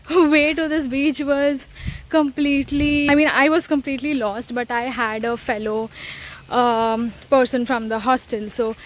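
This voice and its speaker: A woman vlogging her travels in a relaxed, casual way, with lots of fillers and pauses as she shows a hostel room and a beach. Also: sits high, low-quality recording. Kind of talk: casual travel vlog narration. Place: hostel room and outdoors on an island.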